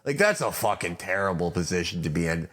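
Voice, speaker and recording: Low-voiced man in rambling podcast banter. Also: animated, fairly quick, a bit bright. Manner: rambling, profane, lots of fillers. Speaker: podcast guest.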